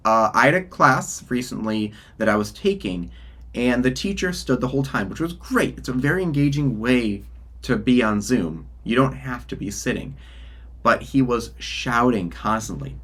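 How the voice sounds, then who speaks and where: A man's voice: mid-range voice, animated, moderate pace, a bit bright, dry recording. A man casually explaining how to set up a virtual classroom, demonstrating as he talks. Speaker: music teacher. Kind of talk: online teaching tutorial. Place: home studio with green wall. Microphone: studio microphone.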